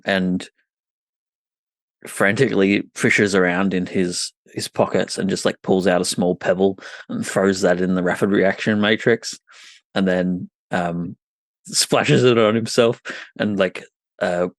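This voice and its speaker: A man playing in a tabletop game, describing his character's action in a halting way with many ums. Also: fairly low pitch, no echo. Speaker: player. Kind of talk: casual tabletop chat.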